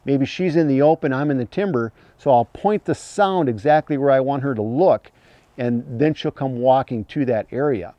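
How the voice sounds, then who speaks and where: A man teaching hunting calls in a plain-spoken, folksy way, breaking into high imitated fawn cries as he explains. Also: normal speed, dark tone, dry recording, muffled recording. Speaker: hunting call instructor. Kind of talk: instructional talk.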